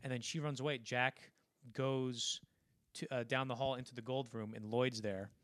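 Male podcast co-host, middle pitch, dry close sound, rambling scene-by-scene recaps. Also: fairly even intonation, fairly bright tone, no room sound. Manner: rambling, acts out film lines in quick impressions. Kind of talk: casual film discussion.

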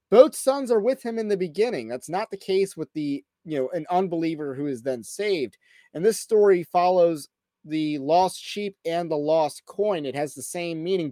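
A male podcast host rebuts a clip point by point in a firm, argumentative way. His voice sits slightly high and is recorded close and dry, with no room sound. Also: darkish tone, dry recording. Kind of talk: critical commentary on a clip.

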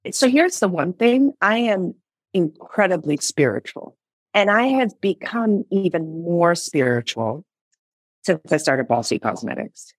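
Animated woman telling a story. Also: fairly low pitch, measured pace, dry recording. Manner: animated storyteller, acts out her own past lines. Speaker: founder and CEO, interview guest. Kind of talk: conversational interview.

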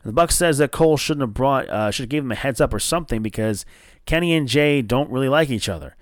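A man from northern New Jersey hosts a casual wrestling podcast in his mid-pitched voice. He rambles, swears freely and gets excitable, with plenty of fillers. The recording is dry, with no room sound. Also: quick pace, no echo. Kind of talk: casual solo review show.

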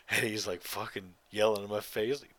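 A man's voice: on the low side, steady tone, normal speed, a bit bright, no echo. A tired man hosting a podcast on his own, talking in a rambling, profane and emphatic way and yawning now and then. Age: adult. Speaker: podcast host. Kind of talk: casual solo monologue.

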